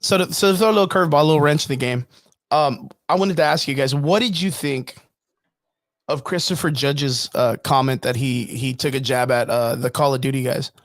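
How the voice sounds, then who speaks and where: A man's voice: medium pitch, fairly quick, no room sound, clean studio sound. A man co-hosting a live stream chat in an easygoing, agreeable way. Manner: easygoing, agreeable, laughs often. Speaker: co-host. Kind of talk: casual chat.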